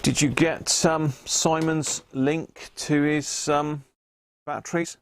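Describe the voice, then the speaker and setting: This man's voice is a little high, with a level tone and a slow pace. He hosts a casual live stream about radio as a hobby, chatting and rambling as he answers viewers, restarting often while reading the chat aloud.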